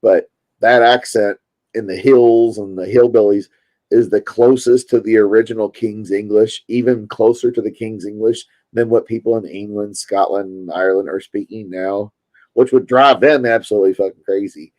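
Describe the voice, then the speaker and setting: A man's voice: lowish voice, steady tone, normal speed, darkish tone, rough recording. A man talking casually on a livestream, swearing and laughing as he tells stories. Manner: swearing, laughing, loose storytelling.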